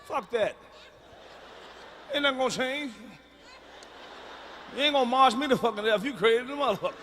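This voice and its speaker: A man performing a stand-up comedy set, talking in a loud, profane way with hollering bursts. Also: very high-pitched, moderate pace. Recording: live hall reverb with faint room noise.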